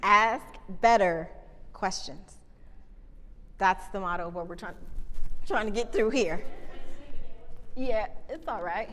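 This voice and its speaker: A woman communication coach telling lively stories from a stage, talking to the audience and asking them questions. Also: medium pitch, slow pace, long pauses. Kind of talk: live keynote storytelling. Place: stage before a live audience. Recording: reverberant hall, live talk.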